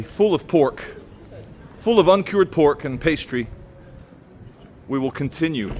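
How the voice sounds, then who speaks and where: Chatty man vlogging on the move. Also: medium pitch. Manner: chatty, rambling with many fillers. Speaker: travel vlogger. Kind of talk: casual walking vlog commentary. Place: indoor shopping centre, then outdoor bench. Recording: faint background noise.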